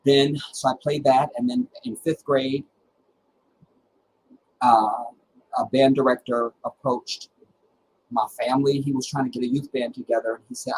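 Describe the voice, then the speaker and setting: Animated middle-aged man telling stories. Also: mid-range voice, a little hiss or hum, poor audio. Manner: animated and dramatic, with halting restarts. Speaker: livestream host. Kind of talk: casual personal storytelling.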